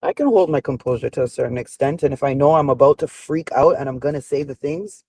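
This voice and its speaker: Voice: mid-range voice, darkish tone, slight background noise. A speaker in their forties giving heated reaction commentary, blunt and profane, scolding and firing off rhetorical questions. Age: 40s. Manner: rapid-fire rhetorical questions. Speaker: commentator reacting to a reality show.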